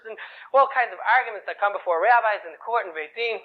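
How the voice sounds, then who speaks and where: A man's voice: high-pitched, fast talker. A man telling an inspirational story in a chatty way, often asking rhetorical questions. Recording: dull lo-fi recording.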